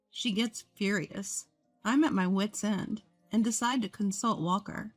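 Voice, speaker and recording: A woman narrating a first-person story in a calm, measured way. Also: medium pitch, no echo. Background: faint music.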